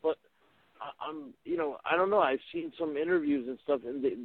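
A man, himself a radio host, talking casually as a guest, halting and full of "you know" and restarts. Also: a little high, wildly swooping pitch, vocal fry, dry recording. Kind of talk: casual call-in conversation. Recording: tinny phone line.

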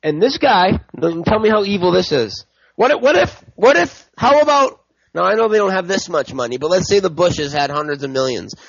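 A man's voice: high-pitched, expressive, moderate pace, vocal fry, a bit bright, husky, no room sound, dull audio. A man ranting angrily to his viewers about politics, swearing and repeating himself. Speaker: political commentator.

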